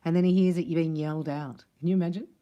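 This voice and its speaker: A woman's voice: deep voice, fairly even intonation, quick pace, highs cut off. Chatty, rambling woman reading tarot. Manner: chatty, rambling, laughs between thoughts. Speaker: tarot reader. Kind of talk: casual spoken tarot reading.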